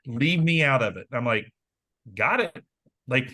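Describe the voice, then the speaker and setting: A man in his forties from southern Indiana, telling stories from his playing days in a casual, animated interview. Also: a little high, brisk. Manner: animated storyteller, acts out quoted voices. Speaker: interview guest, former basketball player. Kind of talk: casual storytelling.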